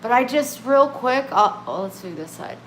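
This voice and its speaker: This woman vlogs with a fairly high pitch and lively intonation at normal speed, her candid, rambling talk full of self-interruptions and restarts. Heavy background noise sits under the echoey room sound and its faint ambience.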